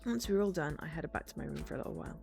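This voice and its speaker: A woman streamer giving chatty, animated let's-play commentary and reading game text aloud. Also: low-pitched, rapid-fire, vocal fry, faint music behind. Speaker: streamer playing a visual novel.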